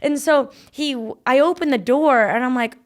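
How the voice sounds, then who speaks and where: A young woman with a fairly high voice chats casually on her podcast. She tells family stories in a loose, rambling way, with "like" in nearly every phrase. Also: moderate pace. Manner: chatty storytelling, frequent filler "like". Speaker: podcast host. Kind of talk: casual chat.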